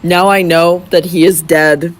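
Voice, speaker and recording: A reader voicing a grave young gentleman who accuses slowly, solemnly and without pity. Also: medium pitch, little pitch movement, natural voice. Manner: slow, solemn, measured. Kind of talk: audiobook character voice.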